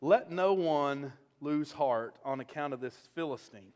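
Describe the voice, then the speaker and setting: A man's voice: fairly high pitch, unhurried, a little mellow, big-room sound, pitched below the performer's own voice, lightly acted. A man voicing a young shepherd who is earnest and bold, and incredulous at what he hears.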